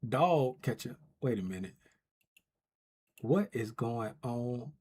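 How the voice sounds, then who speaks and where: A man with a slightly rough, medium-pitched voice talks slowly as he hosts a relaxed trading stream. Addressing his chat playfully and informally, he turns loud and excited while announcing a giveaway race.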